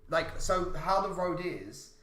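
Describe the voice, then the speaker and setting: A man's voice: fairly high pitch, lively intonation, takes it slowly, sharp tone. A young man telling a rambling, sweary story on a casual podcast. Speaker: podcast co-host. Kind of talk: casual chat. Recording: roomy, slightly noisy.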